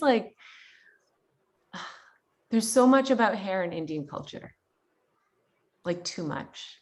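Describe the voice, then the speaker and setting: A woman's voice: fairly low pitch, normal speed, pauses often. A woman in her thirties from Canada, sharing a personal story in a candid, chatty way full of fillers and quoted thoughts. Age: 30s. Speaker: guest.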